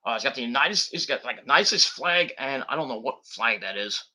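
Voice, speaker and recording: Sharp-toned rambling male streamer. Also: medium pitch, expressive, a little fast. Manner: rambling, profane, heavy with fillers and restarts. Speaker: wrestling show reviewer and streamer. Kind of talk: casual live-stream commentary.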